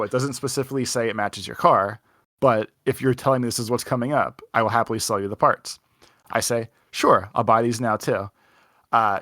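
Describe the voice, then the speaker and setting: A man's voice: mid-range voice, a bit bright, no room sound, clean studio sound. A young man co-hosting a podcast, telling a rambling anecdote full of "like" and acted-out quotes in a casual chat. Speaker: podcast co-host.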